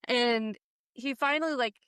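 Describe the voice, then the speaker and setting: A woman co-hosting a podcast, chatting casually about a TV show, animated and laughing often as she acts out lines. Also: fairly high pitch, a little slow, smooth, no echo, clean studio sound. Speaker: podcast co-host. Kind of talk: casual chat recapping a TV show.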